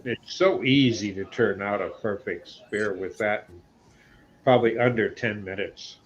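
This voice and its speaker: A man chatting casually about his woodturning work on a video call, talking slowly and hesitantly with many pauses. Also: fairly low pitch. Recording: dull lo-fi sound with clear background noise.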